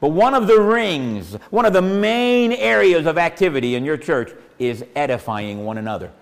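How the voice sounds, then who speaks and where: A man's voice: on the high side, big pitch swings, normal speed, vocal fry. Male pastor preaching, folksy and repetitive, raised voice, reverberant sanctuary. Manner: folksy, asks the congregation questions, repeats phrases. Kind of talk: sermon. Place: church sanctuary. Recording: long hall reverb.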